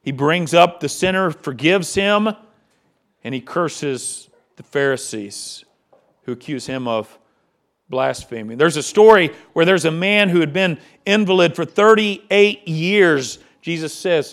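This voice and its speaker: A male pastor delivering a sermon with a fairly high voice. His preaching is impassioned, swelling loud and then dropping to a hush. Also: lively intonation, unhurried.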